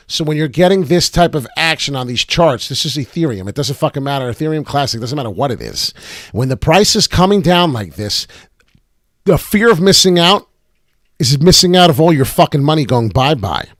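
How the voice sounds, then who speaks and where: A man with a medium-pitched, fairly bright voice hosts a casual crypto-chart livestream, offering market commentary as an analyst and show host. He's brash and profane, throwing out rhymes and hype as he talks. The audio is clean studio sound with no room noise.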